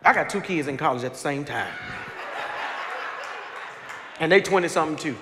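A male pastor telling a story during a sermon, acting out the people in it with laughter and shouts. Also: a little high, normal speed, a little hiss or hum. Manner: animated, acts out people in his story, laughing and shouting at times. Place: large church sanctuary with congregation. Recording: live church hall with faint crowd.

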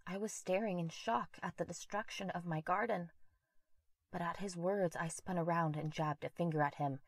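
A woman narrating a horror story in a measured, quiet, intimate way on a close mic. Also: fairly low pitch, fairly even intonation, dry recording.

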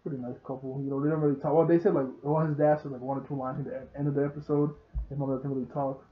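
A man's voice: medium pitch, little pitch movement, racing. A man casually recapping a show episode, chatty and laughing often. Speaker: show reviewer. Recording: tinny phone-like sound.

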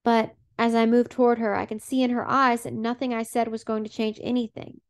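A woman reads an audiobook in a measured, plain way. Her voice is slightly high with a gravelly texture. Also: flat delivery. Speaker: audiobook narrator. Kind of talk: audiobook narration.

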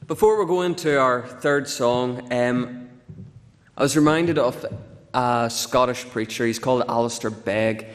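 A man preaching in church, leading prayer in an earnest, steady way and chatting informally between songs. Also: medium pitch, unhurried. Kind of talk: leading prayer and a sermon introduction. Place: church sanctuary. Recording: long church reverb.

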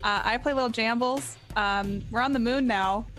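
A woman's voice: fairly high pitch, normal speed, fairly bright tone, soft background music. A woman introducing her character in a tabletop game, giggly and hesitant with many fillers. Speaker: player. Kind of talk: casual actual-play chat.

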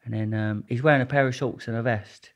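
A man's voice: medium pitch, steady tone, brisk. A young Englishman, a podcast guest telling stories in a rambling, laughing way with many restarts. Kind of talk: casual storytelling.

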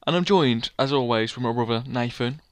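A man's voice: mid-range voice, brisk, no echo. A young man hosting a casual let's play, joking around and saying "literally" a lot. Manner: jokey, excitable, says "literally" a lot. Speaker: gaming channel host.

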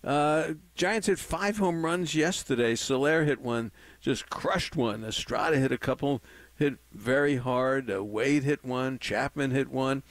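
A man's voice: medium pitch, unhurried, dry recording. A man hosting a sports radio show, talking in an eager, folksy way and putting leading questions to his guest. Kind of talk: casual sports radio chat.

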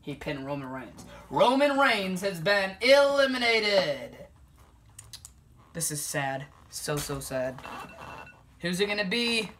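A man giving play-by-play commentary on a wrestling video game, bursting into shouted excitement and then dropping to low mutters. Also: takes it slowly, slight background noise.

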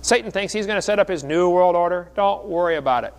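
Middle-aged man, preaching, folksy storyteller, joking, fairly high voice. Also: fast talker, clean tone. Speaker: creationist speaker. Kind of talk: sermon.

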